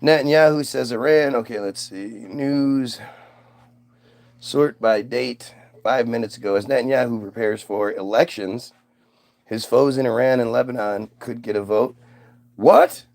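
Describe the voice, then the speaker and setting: A man's voice: mid-range voice, a little slow, darkish tone. A man from the United States hosting a casual livestream, reading chat aloud in a rambling, profane, self-mocking way.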